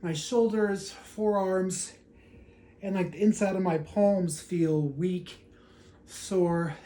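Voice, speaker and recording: A man vlogging casually, out of breath, halting with frequent pauses and sighs. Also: on the high side, warm tone. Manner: halting, pausing often, sighing. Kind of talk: casual vlog narration.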